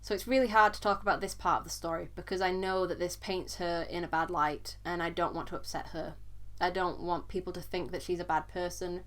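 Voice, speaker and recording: A woman's voice: lowish voice, a bit bright. Earnest young woman telling a personal story. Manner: earnest, halting, repeats words when struggling. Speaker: vlogger.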